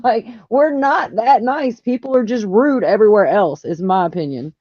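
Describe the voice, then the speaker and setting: A chatty woman hosting a casual livestream who laughs often and reads comments aloud. Her voice is mellow and dark. The sound is dry and a little muffled. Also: mid-range voice, expressive, moderate pace, few pauses, no echo.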